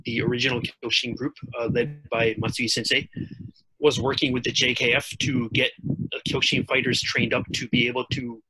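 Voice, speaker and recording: A man's voice: medium pitch, level tone, brisk. Hesitant man with a noisy line. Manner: hesitant, many uh fillers. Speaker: guest, karate practitioner. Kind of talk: casual interview talk. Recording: noisy background.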